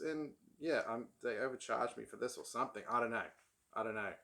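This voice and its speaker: A man's voice: medium pitch, fairly even intonation, quick pace, vocal fry, bright, forceful tone. A man vlogging about his old paperbacks in casual, rambling talk full of ums and restarts. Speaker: book vlogger. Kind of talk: casual chat.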